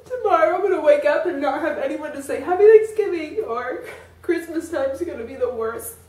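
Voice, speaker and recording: A woman's voice: high voice, moderate pace, warm tone. A woman talking in a rambling, emotional way for a personal confessional vlog, with many fillers. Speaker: vlogger. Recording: echoey room, voice from a distance.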